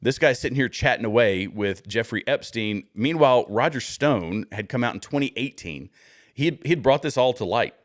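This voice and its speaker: A man's voice: medium pitch, expressive, moderate pace, no room sound, studio quality. A man giving casual, rambling political commentary on a livestream, thinking aloud with many fillers and restarts as he searches for posts.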